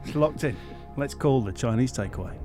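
A man's voice: medium pitch, expressive, fairly quick, over loud music. A man hosting a podcast, chatting casually, teasing his friends and laughing often. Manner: laughs a lot, teasing and upbeat. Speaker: podcast host.

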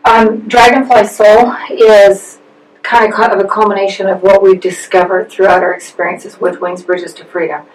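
A woman, a guest on an interview podcast, explaining her work hesitantly and often pausing on "um". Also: medium pitch, flat delivery. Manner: hesitant, many "um"s and restarts. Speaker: interview guest, business partner. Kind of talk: conversational explanation. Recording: distant, roomy mic with faint noise.

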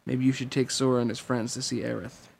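A man reading an audiobook and voicing a cheerful, teasing young female ninja, raising his pitch for her. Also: little pitch movement, a little fast, vocal fry, a little mellow, slight background noise, natural voice.

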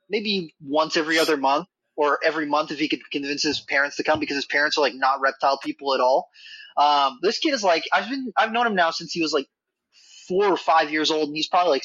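Fairly high-pitched and a little fast, this podcast guest speaks with a bright, forceful tone without echo. He works at a reptile facility and rambles through a loose story, leaning on "like" and "you know," captured on dull, dry lo-fi audio.

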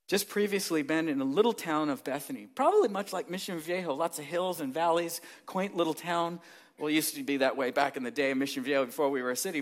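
Male pastor with a high-pitched voice, earnest and emphatic sermon delivery, hushed to raised.

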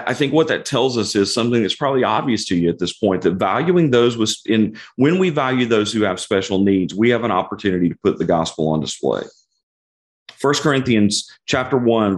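A middle-aged man teaches a Bible study with a fairly low voice. He speaks earnestly and often repeats a word as he starts a phrase. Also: expressive, fairly quick.

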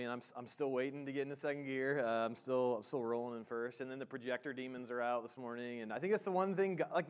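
A man's voice: medium pitch, clear, resonant tone. A man preaching a sermon as pastor in a church, casual and joking, with many fillers and restarts. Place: church sanctuary.

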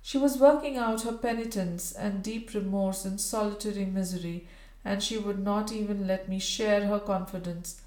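A woman's voice: mid-range voice, steady tone, normal speed, a little mellow, close to an everyday voice. Brief: woman voicing a tender Victorian lady, raised and emotional, echoey room. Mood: anxious. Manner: eager, then tearful and pleading. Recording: roomy echo.

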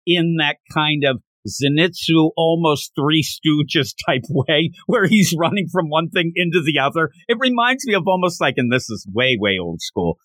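Lively man retelling manga chapters. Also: on the high side, moderate pace, hardly any pauses, no room sound. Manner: animated retelling with acted-out quotes. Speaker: podcast co-host. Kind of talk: casual manga discussion.

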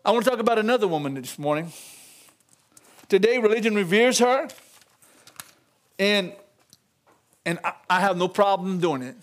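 A man's voice: sits high, lively intonation, normal speed, pauses often. An older man preaching a folksy sermon, chuckling often and calling out to the congregation.

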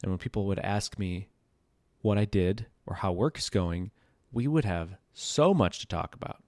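Deep gravelly man rambling casually. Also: moderate pace, a little mellow, no room sound, clean studio sound. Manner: rambling, full of "like" and "you know". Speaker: podcast host, programmer.

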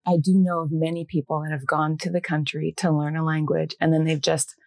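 A woman's voice: low voice, level tone, brisk, darkish tone, dry recording, studio quality. A woman interviewing a guest, reflecting back on his answers and asking encouraging questions. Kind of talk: podcast interview.

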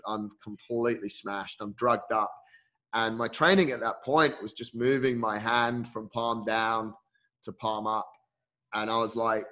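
A man's voice: fairly low pitch, pushed and bright. A man, an endurance coach, telling a personal story as an interview guest, speaking earnestly and candidly, often saying "mate" and restarting his sentences.

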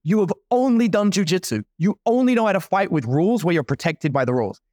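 A man's voice: high voice, expressive, fast, darkish tone, dry recording, clean studio sound. A man in his forties telling a story in casual talk, playing out the other people's lines as he goes. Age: 40s. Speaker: guest entrepreneur.

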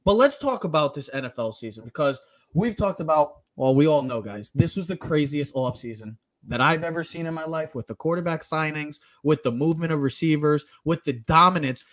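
Male sports podcast host, eager and rambling, a bit higher than average. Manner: excited, quick, rambling. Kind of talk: casual sports talk.

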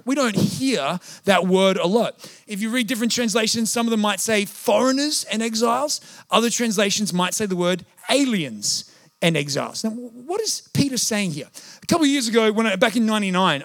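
A man preaching a sermon in a slightly high voice. He speaks earnestly, often sinking to a hushed, intimate tone as he addresses his congregation. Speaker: pastor. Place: church hall.

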